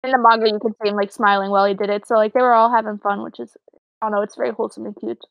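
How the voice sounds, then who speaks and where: A young woman co-hosting a podcast, chatting casually about an anime with relaxed slang. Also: mid-range voice, racing, vocal fry, no room sound, dull audio. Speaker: podcast co-host.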